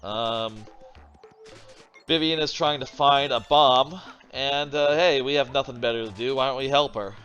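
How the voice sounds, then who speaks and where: A man's voice: medium pitch, a little slow, a bit bright, soft background music. A man casually commentating a video game stream from his home desk, rambling and thinking aloud, swearing now and then. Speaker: streamer playing video games. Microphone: desk microphone.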